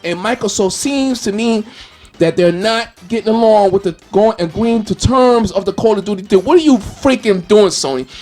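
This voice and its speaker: A man hosting a gaming channel, ranting with loud, exasperated questions and frequent cursing. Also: high voice, moderate pace. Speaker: gaming YouTuber. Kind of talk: animated rant video.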